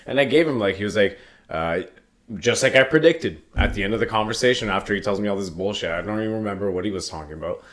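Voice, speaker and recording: Young man from Toronto, profane, animated, laughs often, lowish voice. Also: fast talker. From Toronto, Canada. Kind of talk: casual chat.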